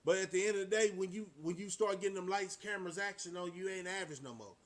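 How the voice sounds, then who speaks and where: Man, high voice, vlogger, preachy, motivational, rhetorical questions. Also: fast. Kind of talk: casual monologue to camera.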